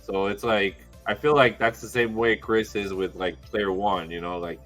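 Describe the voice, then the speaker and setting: Low-voiced man in podcast chat. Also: fairly even intonation, moderate pace, a bit bright, faint music behind. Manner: chatty, hedging with "you know". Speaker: podcast co-host.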